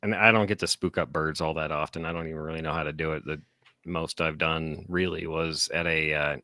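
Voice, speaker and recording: A man with a very low voice but a bright, forceful tone co-hosts a casual podcast. He sounds laid-back and agreeable, and the sound is dry. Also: steady tone, a little fast, dry recording. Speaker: co-host.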